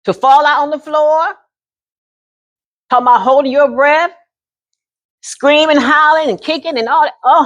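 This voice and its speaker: A woman in her sixties telling a personal story to camera in an animated, folksy way, often calling the listener honey. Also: high-pitched. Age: 60s. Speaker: vlogger.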